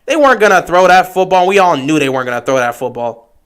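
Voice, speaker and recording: A young man hosting a livestream, giving excitable play-by-play reactions to football games that swing from shouting to muttering. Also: fairly high pitch, fast, clear, resonant tone. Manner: excitable, shouts at big plays then mutters. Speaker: livestream host. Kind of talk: live football watch-along commentary.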